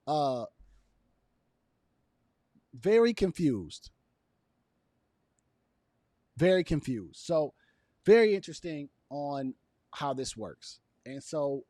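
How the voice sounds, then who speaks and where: A man talking straight to camera in a loose, opinionated commentary, his voice sitting a little high and swinging widely up and down. He hammers his points by saying them twice and laughs softly between lines, and the sound is close and dry with no room around it. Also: dry recording. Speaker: video commentator.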